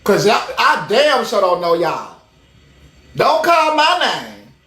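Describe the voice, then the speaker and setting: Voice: mid-range voice, big pitch swings, slow pace, pushed and bright, roomy sound. A livestream host chatting casually to viewers in a sassy, emphatic way, repeating phrases for effect. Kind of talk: casual live commentary to viewers.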